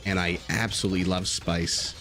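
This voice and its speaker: Faint music plays behind a man whose deep voice is fairly bright in tone, with fairly even intonation and a normal speed. He's casting a strategy game live, relaxed and talkative with viewers, telling stories and swearing casually.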